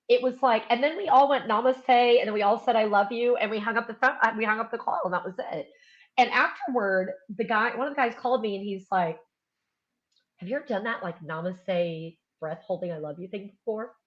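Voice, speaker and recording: A woman in casual conversation, telling a lively story full of fillers and asides. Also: on the high side, fairly quick. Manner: animated storyteller, many fillers. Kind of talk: casual chat. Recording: dull lo-fi sound.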